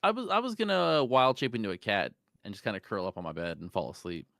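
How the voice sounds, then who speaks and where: A man's voice: lowish voice, lively intonation, quick pace, vocal fry, fairly bright tone, no echo, clean studio sound. A man playing a tabletop game, speaking for his character in a hesitant, sheepish way. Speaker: player.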